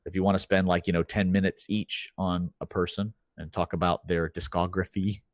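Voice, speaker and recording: A man's voice: low-pitched, level tone, normal speed, no room sound, studio quality. A man co-hosting a podcast in laid-back, rambling casual chat. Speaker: podcast co-host.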